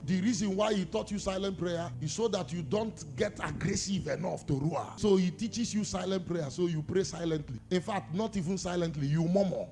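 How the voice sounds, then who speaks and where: A man with a Nigerian accent preaching a sermon, dropping to low murmurs and then shouting, calling out to his listeners for responses.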